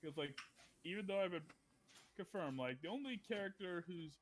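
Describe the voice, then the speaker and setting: A man's voice: sits high, expressive, moderate pace. Chatty man with punchy emphasis. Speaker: player. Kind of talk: casual chat.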